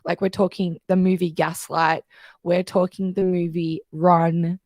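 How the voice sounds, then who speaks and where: A woman's voice: lowish voice, little pitch movement, measured pace, a little mellow, no echo, clean studio sound. A woman guest coach explaining things in casual interview chat, telling stories and acting out the voices she quotes.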